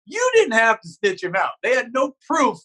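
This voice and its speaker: A male comedian riffs as a podcast guest, his voice high and husky with big swings in pitch. He talks in animated, joking bursts and swears freely. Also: moderate pace, low-quality recording. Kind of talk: casual chat.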